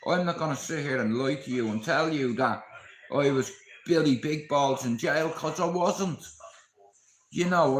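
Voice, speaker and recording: An Irish live streamer with a Dublin accent and a fairly high voice tells his viewers a story bluntly and casually, swearing heavily in a lively retelling. The recording is rough and reverberant.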